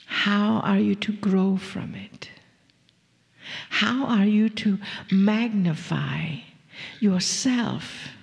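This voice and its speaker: Woman channeling a bunch of spirit beings talking as "we", slow and half-whispery with a gravelly edge, big hall echo. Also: fairly low pitch, darkish tone. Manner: slow, drawn-out, half-whispered, playful chuckles. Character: collective spirit beings speaking as "we", gentle and teasing. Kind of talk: channeled spiritual talk to a live audience. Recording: long reverb of a large hall.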